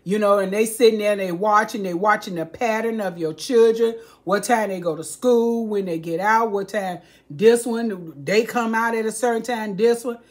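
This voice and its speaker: A woman's voice: medium pitch, moderate pace, hardly any pauses. An older woman, vlogging an earnest warning to her viewers, pleading and preachy and often repeating herself. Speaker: home cooking vlogger.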